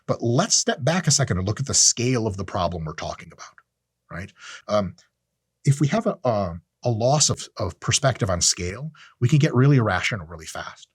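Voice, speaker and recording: A man's voice: lowish voice, fairly quick, slightly rough, no room sound, studio quality. A man hosting a podcast, talking casually in a blunt, profane, opinionated way. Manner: animated, acts out quoted voices. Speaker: podcast host. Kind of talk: casual monologue.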